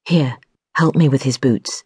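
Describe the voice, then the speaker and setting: A proud noblewoman gives orders crisply and a little sharply, as a woman reading an audiobook puts her on. The voice is husky, and the recording is close and dry. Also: rumbling low, no echo, full character voice. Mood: brisk, urgent. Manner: brisk and imperious, sharp-tongued. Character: proud, commanding noblewoman, sister of an earl.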